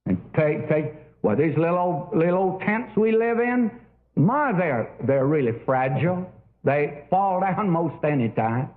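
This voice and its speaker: An older man preaching a sermon, telling a story with folksy asides, many fillers and a lively, rising and falling delivery. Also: fairly high pitch, a little slow. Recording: phone-like narrow audio.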